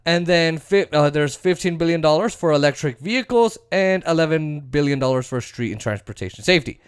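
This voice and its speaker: A man's voice: a little high, lively intonation, a little fast, clean tone, dry recording, clean studio sound. A man hosting a political commentary show, ranting bluntly and profanely with many fillers. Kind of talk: casual political rant.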